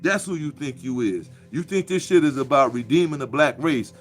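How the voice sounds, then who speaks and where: A man's voice: mid-range voice, lively intonation, moderate pace, soft background music. A man, delivering a profane, preachy monologue with a mocking edge. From Chicago. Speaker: commentator. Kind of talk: casual monologue.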